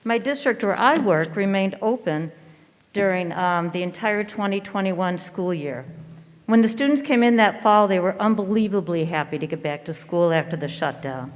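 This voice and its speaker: A middle-aged woman, an educator, reading a measured and earnest prepared statement at a school board meeting. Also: mid-range voice, lively intonation. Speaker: educator giving public comment. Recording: hall reverb.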